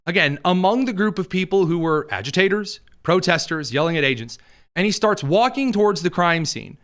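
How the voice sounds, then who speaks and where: A man's voice: fairly high pitch, smooth. A man hosting a political commentary show, mocking and sarcastic as he reacts to clips. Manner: sarcastic and mocking, lively delivery.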